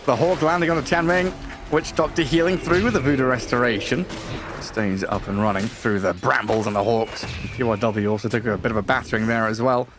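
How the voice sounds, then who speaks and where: A man doing fast, lively play-by-play commentary on an esports match. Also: mid-range voice, over music. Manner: quick, lively play-by-play calls. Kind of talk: live game commentary.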